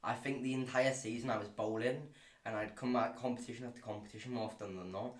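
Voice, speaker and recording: A young man chats casually on a podcast, telling a long story in bursts and false starts. His voice has a middle pitch. The room around him rings with noticeable echo. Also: fast. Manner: rambling, many restarts, animated when excited. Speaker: podcast host and bowler. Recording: echoey room.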